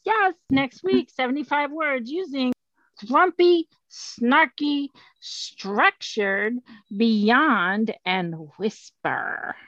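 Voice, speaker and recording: A woman's voice: high voice, extremely slow, a bit bright, no echo, lo-fi sound. A woman co-hosting a writing show on a video call, effusive and grateful as she wraps up. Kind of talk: casual host chat.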